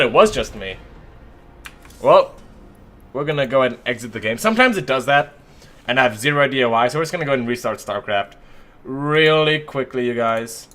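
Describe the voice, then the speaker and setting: A man's voice: mid-range voice, a bit bright. Chatty, joking male esports caster. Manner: joking, self-mocking, chatty. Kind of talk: live esports commentary and stream chat.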